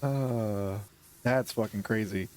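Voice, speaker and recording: A man's voice: fairly low pitch, slow, darkish tone. A man in casual stream chat who rambles, laughs often and swears freely.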